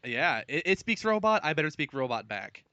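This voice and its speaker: A man's voice: fairly high pitch, very animated, fairly quick, sharp tone, no room sound, lo-fi sound. A man co-hosting a casual podcast, rambling along and laughing at himself, heard over a remote call. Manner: rambling, self-amused, laughs often. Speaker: podcast co-host. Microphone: remote call mic.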